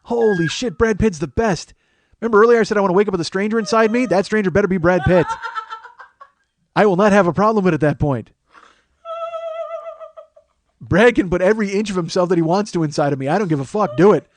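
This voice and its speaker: A man in his forties hosts a comedy podcast in loose, casual chat. His voice sits a little high, and he rambles, jokes crudely and makes fun of himself. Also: quick pace, long pauses. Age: 40s. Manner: rambling, self-mocking, crude. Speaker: podcast host.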